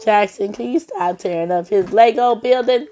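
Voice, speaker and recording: A woman, hosting a casual family podcast and gently coaxing and scolding her children at home. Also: medium pitch, moderate pace, slight background noise. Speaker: podcast host and mother.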